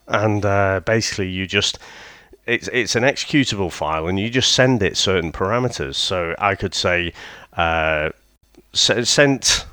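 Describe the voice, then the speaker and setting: A man's voice: deep voice, moderate pace, sharp tone, clear, resonant tone, dry recording, studio quality. A man in casual chat, telling a rambling story with swearing and frequent laughter. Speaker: podcast co-host.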